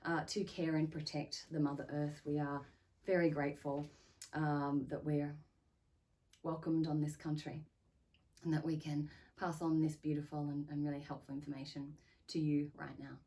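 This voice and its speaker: A woman's voice: low voice, flat delivery, moderate pace, mellow, recorded from a distance. A woman, a spirit medium, introducing her session in a hesitant way with many fillers. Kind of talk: casual spiritual talk to camera.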